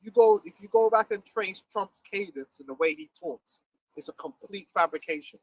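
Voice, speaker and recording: A man, chatting casually as host in an animated, slangy way, laughing often. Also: high-pitched, moderate pace. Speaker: livestream host. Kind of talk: casual chat. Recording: distant mic, faint background noise.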